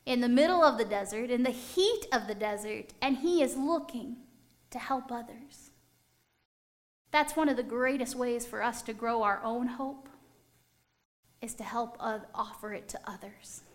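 Bright, high-voiced woman preaching. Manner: animated storytelling, acting out voices of people in the story. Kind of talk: sermon.

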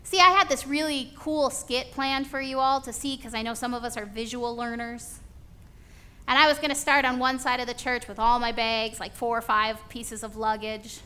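Woman, preacher, sermon, animated storytelling, fairly high voice, bright tone. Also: moderate pace, smooth. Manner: animated storytelling, acts out dialogue.

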